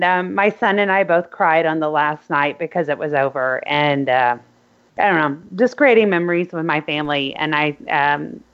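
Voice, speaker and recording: A woman's voice: on the low side, fairly bright tone, lo-fi sound. A woman co-hosting a podcast, chatting casually and getting sentimental, with frequent ums. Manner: sentimental, rambling with many ums. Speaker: podcast co-host. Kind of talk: casual chat.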